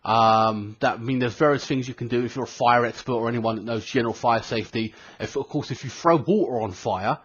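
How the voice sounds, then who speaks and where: A British man of thirty recounts a story in a loose, casual vlog, with a slightly husky voice at a middling pitch. He swears freely and keeps circling back with fillers and restarts. The home recording sounds dull and lo-fi. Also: a little fast, few pauses. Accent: British English. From Britain. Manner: rambling, swears a lot, many fillers and restarts. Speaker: gaming vlogger.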